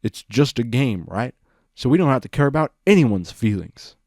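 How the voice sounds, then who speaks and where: Man doing a loud emotional pony warrior. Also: medium pitch, lively intonation, normal speed, no room sound, clean studio sound, natural voice. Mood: furious. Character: big male pony warrior, gentle turned furious.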